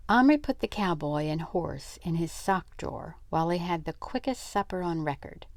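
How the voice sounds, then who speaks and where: An older woman reading a children's novel aloud, slow and deliberate, sometimes dropping to a whisper. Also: fairly low pitch, lively intonation, vocal fry, no echo. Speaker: read-aloud narrator.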